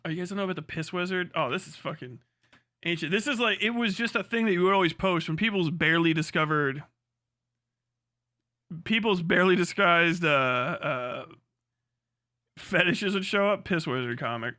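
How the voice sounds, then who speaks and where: A man's voice: sits high, no room sound. A man streaming casually, ranting with lots of swearing and laughter, and mimicking voices he mocks. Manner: animated, profane, quick to laugh, mimics voices. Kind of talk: casual livestream rant.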